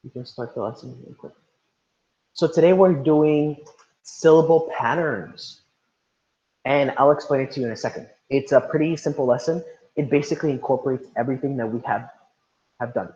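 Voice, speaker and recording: A man with a medium-pitched, slightly mellow voice speaks quickly while teaching an online class over a video call, repeating instructions and calling on students by name. The recording is roomy and dull, with a lo-fi quality.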